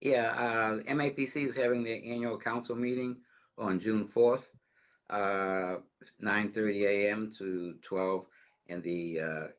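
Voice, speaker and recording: A man making an announcement at a town planning board meeting, halting and full of fillers. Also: fairly low pitch, fairly even intonation. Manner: halting, many fillers and restarts.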